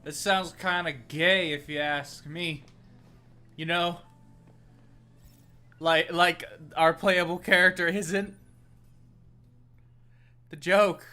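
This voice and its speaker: A male streamer commenting on a video game, frank and a bit profane, often restarting his sentences. His voice is bright and fairly high, with faint music behind. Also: steady tone, takes it slowly, long pauses. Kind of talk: let's play commentary.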